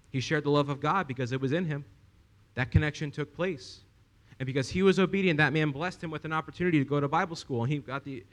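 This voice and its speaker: Animated young male preacher, fairly high voice. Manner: animated storytelling with rhetorical questions to the congregation. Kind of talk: sermon.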